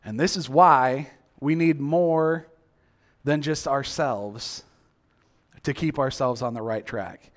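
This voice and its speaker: A man's voice: mid-range voice, takes it slowly. A male preacher giving a sermon, acting out quoted reactions and asking the listeners many questions.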